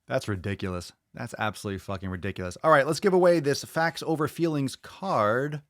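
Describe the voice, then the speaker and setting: A man's voice: mid-range voice, lively intonation, normal speed, few pauses, no echo, studio quality. A man hosting a podcast, chatting casually and bluntly, swearing freely as he reads viewer comments aloud and reacts to them. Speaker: podcast host.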